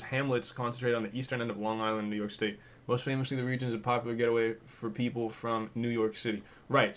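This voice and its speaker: Young male vlogger, mid-pitched, casual and profane, thinks aloud as he clicks around. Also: noisy background. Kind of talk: casual commentary while browsing the web.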